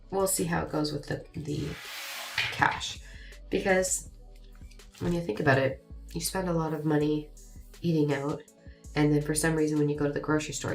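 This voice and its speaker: A young woman with a scratchy voice, chatting casually and rambling a little as she walks viewers through her budget plans. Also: sits low. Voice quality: scratchy, raspy voice. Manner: chatty, rambling, self-deprecating. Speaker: vlogger. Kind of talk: casual planning vlog chat.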